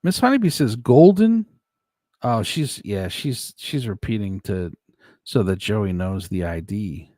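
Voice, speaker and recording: Man, live stream host, casual rambling chat, animated pitch, dry room. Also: a little slow, no room sound. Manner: rambling, chuckling, talks to chat by name.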